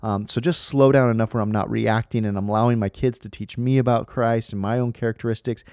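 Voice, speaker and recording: A man's voice: medium pitch, fairly even intonation, fast, darkish tone, dry recording, clean studio sound. A man in his thirties hosting a faith podcast, talking earnestly and rambling with fillers and restarts. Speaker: podcast host. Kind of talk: casual faith podcast talk.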